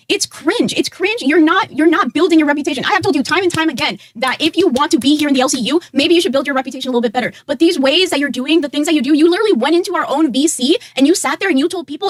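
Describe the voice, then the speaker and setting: A woman's voice: high voice, very fast, few pauses, no room sound, studio quality. A woman co-hosting a live stream, bluntly scolding her co-host and swearing freely. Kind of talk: heated on-air confrontation.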